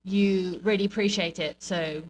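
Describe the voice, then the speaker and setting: A woman's voice: mid-range voice, fairly even intonation, unhurried, slight background noise, low-quality recording. A woman who wrestles, co-hosting a podcast in casual, chatty conversation. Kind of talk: casual chat.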